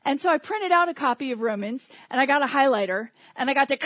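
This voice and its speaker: A woman delivers a sermon in a conversational tone, mixing scripture with humorous everyday asides. Her voice sits fairly high. The recording is close and dry, with almost no room sound. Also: fast talker, few pauses, a bit bright, dry recording. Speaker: preacher.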